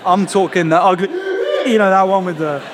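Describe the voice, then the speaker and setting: A man's voice: high voice, fairly even intonation, a little fast, a crowd in the background, background noise. A man in his thirties, a stand-up comedian telling a self-deprecating story on stage and acting out his own thoughts. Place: live comedy venue. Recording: long reverb of a performance hall.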